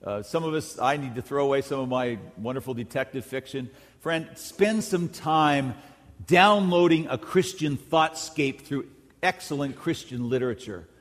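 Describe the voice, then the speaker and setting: A middle-aged man preaching a sermon as a pastor, emphatic, rising to loud peaks and dropping to quiet asides. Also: mid-range voice, normal speed. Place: large church sanctuary. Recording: long hall reverb in a large church.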